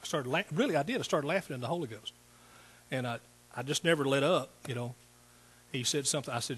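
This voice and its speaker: A middle-aged man preaching a sermon in a church, telling stories in a folksy, animated way and acting out what people said. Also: medium pitch, quick pace, breathy edge. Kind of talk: sermon with storytelling.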